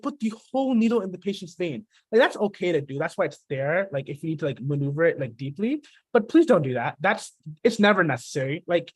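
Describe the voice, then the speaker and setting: A young man giving an informal talk on drawing blood, halting often with fillers and restarts. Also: fairly high pitch, no echo. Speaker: phlebotomist presenter.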